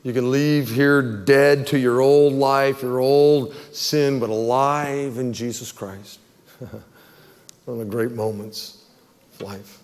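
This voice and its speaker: A man's voice: medium pitch, fairly even intonation, slow pace. A man preaching an earnest altar call and prayer as a pastor, pleading with the congregation. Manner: earnest, pleading, acts out worried voices. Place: church sanctuary. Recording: long hall reverb.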